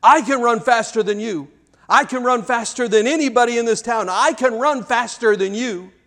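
A man voicing rowdy young boys who shout and brag during a race, in a sermon story. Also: very high voice, normal speed, long reverb tail, voice pushed up. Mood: yelling. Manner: shouted child voices. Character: rowdy boys racing, loud and excited.

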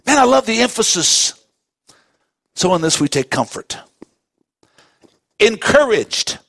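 A man preaching a sermon, swinging from hushed, slow lines to loud, emphatic ones. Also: fairly high pitch, big pitch swings, gravelly, no echo, studio quality. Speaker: pastor.

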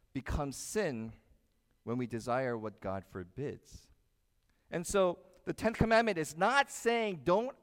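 A male pastor preaching a sermon with lively rhetorical questions, swinging between loud emphasis and quiet asides. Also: fairly high pitch. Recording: echoey hall with long reverb.

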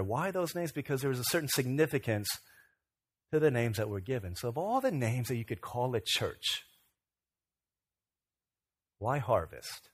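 A middle-aged man from Virginia, a pastor telling stories in a relaxed, self-deprecating way during a sermon. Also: mid-range voice. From Virginia, USA. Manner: conversational, self-deprecating storyteller. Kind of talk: storytelling sermon.

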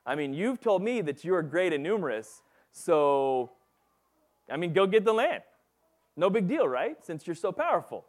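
A man voicing a sarcastic male leader who mockingly brushes off a request for help, in a raised, lively voice. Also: high voice, moderate pace, voice pushed up. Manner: mocking, exaggerated.

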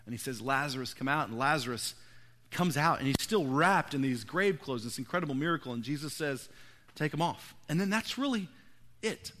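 A man's voice: fairly high pitch, lively intonation, fairly quick, fairly bright tone, a little hiss or hum. A man preaching a sermon, retelling a scripture story in casual, conversational paraphrase. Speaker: pastor.

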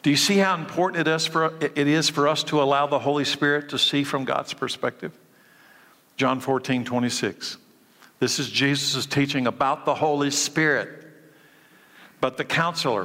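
Pastor guy preaching a sermon, bright punchy voice, goes quiet then strong, big echoey hall. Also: medium pitch, moderate pace. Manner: emphatic preaching, drops to hushed tones for stories.

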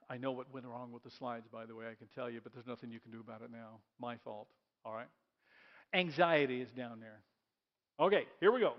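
A man preaching a sermon in a church, lively and repeating key lines as he leads the congregation in reading aloud. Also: mid-range voice, dull audio. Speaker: pastor.

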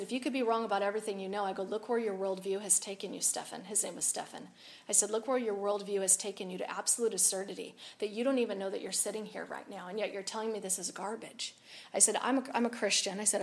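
A woman's voice: medium pitch, quick pace. A woman speaking at a women's event, telling a story in a sermon, acting out both sides of a conversation and laughing often. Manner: animated, acts out dialogue, laughs often.

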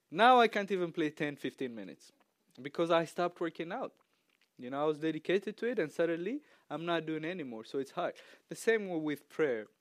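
A man preaching a casual, conversational sermon in a church, chatty and quick to laugh. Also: a little high, no room sound.

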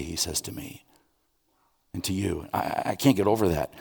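A man preaching a sermon, conversational with restarts and rhetorical questions, dropping soft and then rising with urgency. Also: sits low, a little fast, gravelly. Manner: swings from soft, hushed lines to raised, urgent questions. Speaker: pastor.

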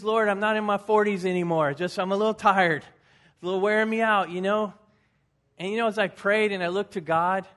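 A man's voice: sits high, a bit bright. A man in his fifties, a pastor giving a folksy, conversational sermon with personal stories.

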